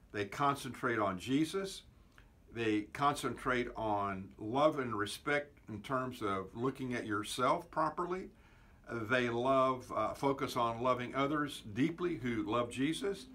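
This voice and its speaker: A man's voice: mid-range voice, a little slow, sharp tone. Earnest older man counting off points. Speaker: pastor and teacher. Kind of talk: weekly teaching talk.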